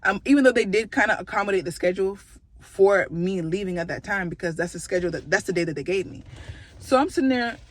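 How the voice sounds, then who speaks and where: A woman telling a story in a casual vlog, chatty and animated, with lots of fillers and laughter. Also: mid-range voice, fast, dry recording.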